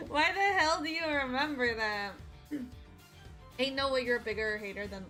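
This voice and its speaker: A woman's voice: high-pitched, a little slow, sharp tone, faint music behind. A woman streamer chatting casually with her viewers, playful and teasing, with frequent giggles.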